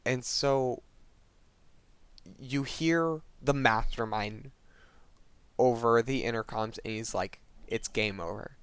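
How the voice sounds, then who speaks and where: Man, unhurried storyteller, earnest and halting, crisp clear voice, dry close sound. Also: medium pitch, dry recording. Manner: earnest, halting, with restarts and soft trailing words. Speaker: video game storyteller. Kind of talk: emotional retelling of a game plot.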